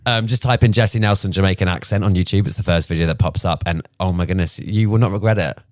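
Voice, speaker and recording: A man's voice: sits low, fairly even intonation, fast talker, dry recording, studio quality. A young man co-hosting a podcast, hungover, giggling often as he tells stories in casual chat. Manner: giggly, laughs often while storytelling. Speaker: podcast co-host.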